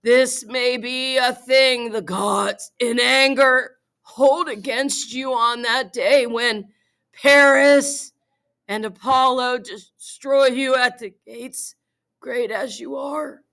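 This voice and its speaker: A woman's voice: high voice, steady tone, slow, fairly bright tone, heavily acted. A woman voicing a dying young prince, pleading in a faint, gasping, tearful voice in a classroom. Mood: bitter, dying.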